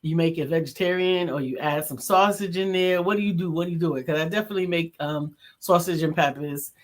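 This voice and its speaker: A woman's voice: lowish voice, fast. A woman, from the Bronx, co-hosting a casual live stream, chatting, laughing and reading viewer comments aloud. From the Bronx, New York. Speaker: co-host.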